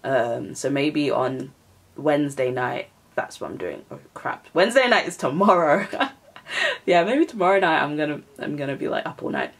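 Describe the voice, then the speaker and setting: A young woman who vlogs about writing chats casually to the camera at home indoors, rambling, poking fun at herself, and laughing often. Her voice is a rumbling low with big pitch swings and vocal fry, at a normal speed.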